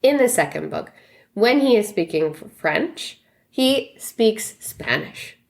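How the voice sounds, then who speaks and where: A woman's voice: mid-range voice, animated, takes it slowly, creaky. A woman co-hosting a podcast, giving her frank opinion in casual chat. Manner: responsive listener, blunt opinions. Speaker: podcast co-host.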